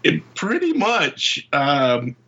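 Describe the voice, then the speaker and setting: Excitable man with a lively bright voice. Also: fairly high pitch, drawn-out words, breathy edge, dull audio. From England. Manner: rambling, excitable, many restarts and fillers, acts out quotes. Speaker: comic book writer, guest. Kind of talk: casual interview anecdotes.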